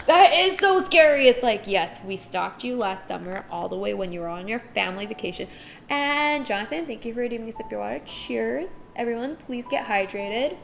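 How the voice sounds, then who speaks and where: A woman streamer in casual chat, reading chat aloud and acting out little voices with a giggly, animated manner. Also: on the high side, gravelly.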